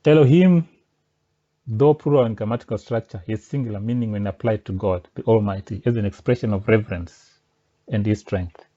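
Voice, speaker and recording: A man's voice: fairly low pitch, a little fast, mellow. A man making an insistent, step-by-step spoken rebuttal of a pastor's teaching. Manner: argumentative and insistent, presses points step by step. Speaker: religious commentator. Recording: dull lo-fi recording.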